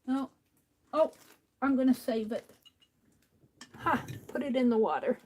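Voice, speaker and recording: A woman hosting a craft stream, talking casually to herself as she works, often trailing into soft near-whispers. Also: fairly high pitch, normal speed, pauses often, slight background noise, rough recording. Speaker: craft livestream host. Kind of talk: casual craft talk while working.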